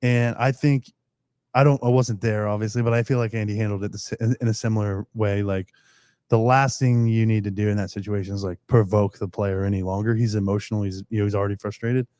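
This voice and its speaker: A man's voice: fairly low pitch, fairly even intonation, fast talker, darkish tone, clean tone, no echo. A young man, a pro football player, telling stories as a podcast guest, rambling and laughing often, with casual cursing.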